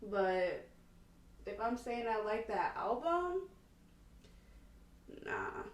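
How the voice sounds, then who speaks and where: A young woman hosting a casual get-ready-with-me podcast, speaking in a relaxed Black at a mid pitch. She tells stories with bursts of laughter and drawn-out exclamations, then drops into quieter asides while she works on her makeup. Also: roomy sound. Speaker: podcast host. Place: at home, doing makeup.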